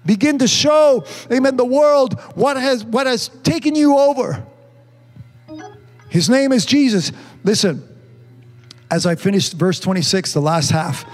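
A man's voice: high-pitched, expressive, unhurried, pauses often, soft background music. A man preaching a sermon with fervor, often saying amen and hallelujah and calling on the congregation to answer him. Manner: fervent, repeats amen and hallelujah; calls for congregation responses.

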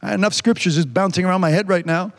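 A man preaching a sermon with emphatic repetition, frequent hallelujahs and words drawn out slowly for emphasis. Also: high voice.

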